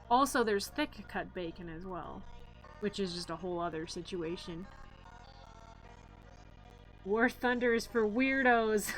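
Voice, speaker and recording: A woman streamer chatting casually on a live stream, playful and giggly, gushing in drawn-out sighs. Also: mid-range voice, a bit bright, poor audio.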